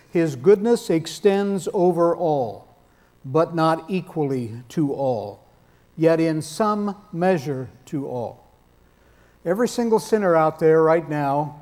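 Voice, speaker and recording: A man's voice: on the high side, mellow. A man preaching a sermon in a conversational, emphatic way with touches of dry humor.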